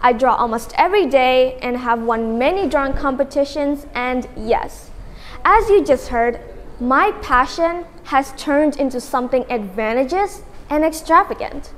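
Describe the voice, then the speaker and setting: A woman's voice: high voice, animated, measured pace, slight background noise. A teenage girl reciting a memorized contest speech in an earnest way. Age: teens. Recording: long hall reverb.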